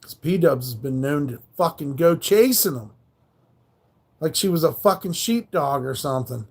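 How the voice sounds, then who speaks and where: A man with a gravelly voice that sits a little higher than most men's. He hosts a livestream and spins a loose, rambling story full of slang and swearing. His delivery is casual and unpolished. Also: lively intonation, normal speed, darkish tone. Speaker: livestream host.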